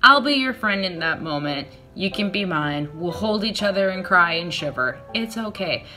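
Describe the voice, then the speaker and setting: A young woman shares a personal story in a casual vlog, chatty and self-deprecating. Her voice is bright and a little sharp. She acts out her own flustered replies in a jumpy, squeaky way. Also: expressive, normal speed, faint music behind. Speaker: vlogger.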